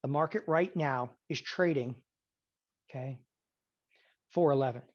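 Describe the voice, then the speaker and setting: An animated man lecturing on options trading, mid-pitched and sarcastic. He mimics his students' voices to make his points. The recording sounds dull and lo-fi. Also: measured pace. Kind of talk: classroom lecture.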